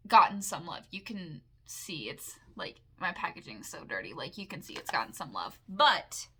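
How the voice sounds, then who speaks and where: A young woman chatting casually at home in a makeup haul vlog, gushing and rambling with excitement. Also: deep voice, moderate pace, a little hiss or hum. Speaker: makeup vlogger.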